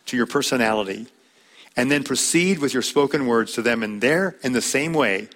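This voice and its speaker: Man preaching a slow measured sermon. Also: mid-range voice, a bit bright. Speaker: pastor.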